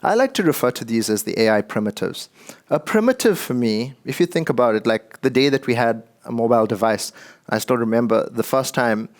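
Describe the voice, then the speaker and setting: A man's voice: mid-range voice, animated, brisk. A man giving a conversational, joking tech presentation to an audience. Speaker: conference speaker.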